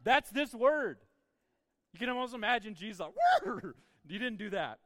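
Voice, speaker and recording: Male pastor, conversational sermon delivery; high, clear voice in a reverberant hall. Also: lively intonation, a little fast, a bit bright, studio quality. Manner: conversational preaching with laughs and asides.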